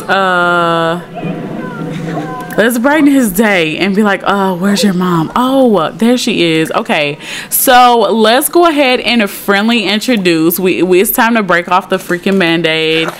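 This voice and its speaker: A woman's voice: medium pitch, animated, takes it slowly, noisy background. Young woman, casual game commentary, chatty, giggly, talks to viewers. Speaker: Sims let's play creator.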